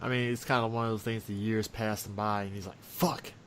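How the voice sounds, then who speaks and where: A man's voice: lowish voice, level tone, fast, a little hiss or hum. A man co-hosting a podcast, joking and acting out scenes in casual chat. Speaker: podcast co-host.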